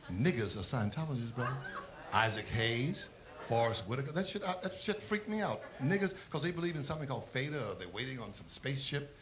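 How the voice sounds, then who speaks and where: A man's voice: medium pitch, sing-song, fast, a crowd in the background. A man doing a stand-up comedy set, telling blunt, profane, provocative stories.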